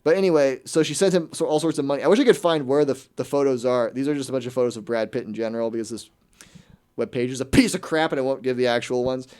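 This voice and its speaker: Radio host, male, rapid-fire delivery, mocking and incredulous, casual banter. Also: mid-range voice, darkish tone, clean tone. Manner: fast, incredulous, mocking ranting. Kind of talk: casual comedic chat.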